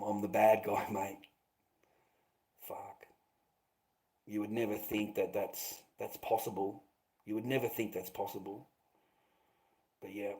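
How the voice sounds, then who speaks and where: A middle-aged Australian man talks to his viewers in a long, bitter, rambling monologue. His voice sits fairly low, and he swears heavily, repeats himself, and keeps tossing in "mate.". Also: creaky, a little mellow, rough recording. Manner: profane, bitter, repetitive, calls listeners mate. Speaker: vlogger.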